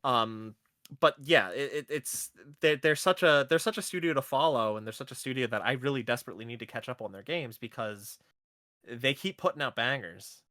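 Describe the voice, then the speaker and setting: A man co-hosting a gaming podcast in casual chat, chatty and quick to laugh, often restarting his phrases. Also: medium pitch, expressive, pushed and bright, dry recording, clean studio sound. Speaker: podcast co-host.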